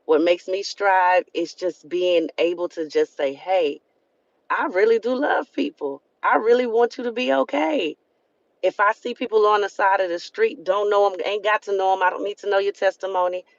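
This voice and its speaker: A woman with a Southern US accent hosts a live stream, delivering an earnest, preachy motivational talk and repeating phrases for emphasis. Her voice is medium in pitch and moves at a normal speed, with no echo. The recording has a dull lo-fi sound.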